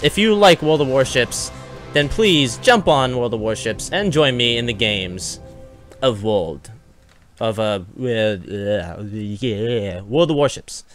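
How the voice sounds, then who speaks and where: A man hosting his own gaming channel, giving casual, excitable commentary over a naval battle game and swearing freely as he talks to the enemy. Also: medium pitch. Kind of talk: live gameplay commentary.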